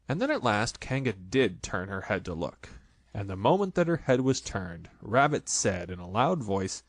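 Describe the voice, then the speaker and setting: A man narrating a children's storybook in an expressive, lively way. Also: lowish voice, normal speed, no room sound.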